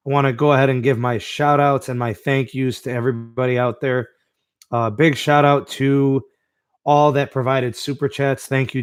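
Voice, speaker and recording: A man's voice: medium pitch, clear, resonant tone, no room sound, clean studio sound. Laid-back man hosting a live podcast. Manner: laid-back, reads out live chat, many fillers. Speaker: podcast host. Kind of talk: live-stream podcast chat.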